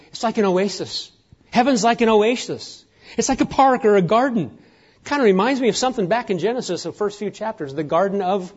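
A man preaching a sermon, emphatic and rousing, sometimes dropping to a hushed near-whisper. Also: a little high, dull audio. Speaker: pastor.

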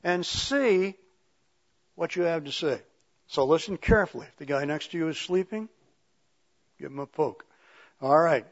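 A man delivers a sermon in a church, his voice sitting a little high for a man. He reads scripture slowly, leaning on each phrase, then slips into plain, chatty asides to the pews. The recording sounds dull and muffled. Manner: conversational preaching, reads scripture slowly and emphatically. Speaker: pastor.

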